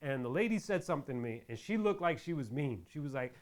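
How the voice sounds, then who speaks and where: A middle-aged crafting channel host chats casually while working with his hands, often drifting into jokes during the tutorial. He talks fast and expressively in a fairly high voice.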